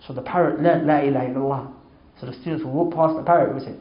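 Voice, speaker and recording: A man's voice: fairly even intonation, very fast. A man giving an informal religious talk, storytelling emphatically and repeating oaths for stress. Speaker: Islamic speaker. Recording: echoey, dull low-fi sound.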